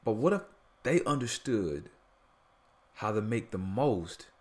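Low-voiced man preaching a podcast sermon. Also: big pitch swings, takes it slowly. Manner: earnest preaching with casual asides and repeated phrases.

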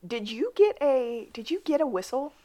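A woman co-hosting a casual podcast recap of a TV episode, moving between high excited bursts and low asides. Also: moderate pace. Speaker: podcast co-host.

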